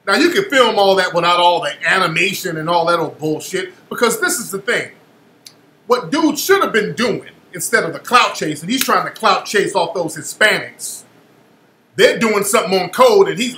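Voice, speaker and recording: A man's voice: high voice, sing-song, moderate pace, sharp tone, echoey room, slight background noise. A male radio host giving opinionated commentary, blunt and profane, repeating phrases for emphasis.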